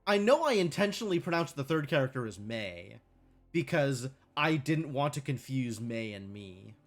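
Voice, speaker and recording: Here a male livestreamer talks at a moderate pace in a medium-pitched voice with big swings in pitch. His casual gameplay commentary mixes self-directed questions with easy laughter and chat with viewers.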